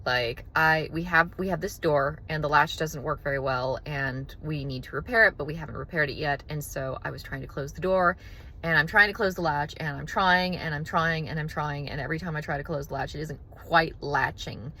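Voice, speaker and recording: A woman's voice: sits low, brisk, sharp tone. A woman vlogging casually to camera, rambling with many restarts and acting out her own frustrations. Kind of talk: casual talking-to-camera vlog.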